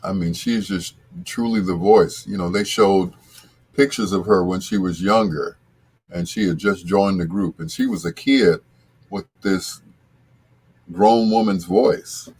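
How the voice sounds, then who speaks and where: Slow, deep-voiced man telling a rambling story. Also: expressive, gravelly, darkish tone, husky. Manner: rambling, with many restarts and asides. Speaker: radio show host. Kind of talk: casual storytelling chat.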